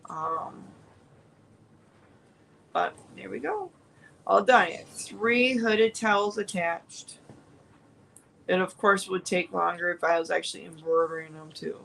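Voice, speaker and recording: A woman's voice: fairly low pitch, measured pace, creaky, long pauses, fairly bright tone, slight background noise, low-quality recording. A woman chatting casually on a home crafting livestream, rambling with fillers and restarts. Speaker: crafting vlogger.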